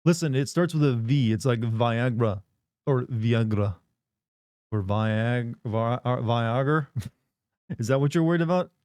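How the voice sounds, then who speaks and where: A man riffing with his live chat in loose, joking banter. His voice is warm and mellow at a middling pitch. He is recorded close and dry on a desk mic. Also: moderate pace, smooth, no room sound. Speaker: livestream host. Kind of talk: casual live-stream chat.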